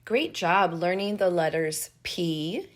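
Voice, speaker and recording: A middle-aged woman teaching preschoolers from home, speaking slowly in an encouraging, sing-song manner. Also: fairly low pitch, lively intonation. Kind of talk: video lesson for young children.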